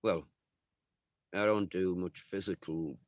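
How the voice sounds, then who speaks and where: Man, very low voice, rambling, swearing, casual live chat, dry sound. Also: steady tone, slow pace, no echo. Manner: swears a lot, rambling and chatty. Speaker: livestreamer reading viewer chat.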